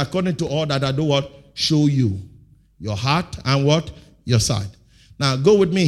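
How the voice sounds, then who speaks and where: A man preaching in a fairly high voice, calling out half-sentences for the congregation to finish. He hammers key words with loud, stretched bursts before dropping back to a steady teaching tone. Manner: call-and-response preaching, leaving blanks for the congregation; emphatic, with sudden loud, drawn-out bursts. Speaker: pastor. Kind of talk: sermon.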